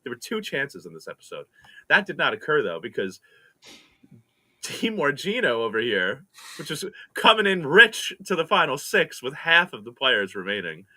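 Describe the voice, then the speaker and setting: A man hosting a casual podcast chat, animated and laughing often as he talks. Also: mid-range voice. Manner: laughing, animated, quick asides. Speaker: podcast host.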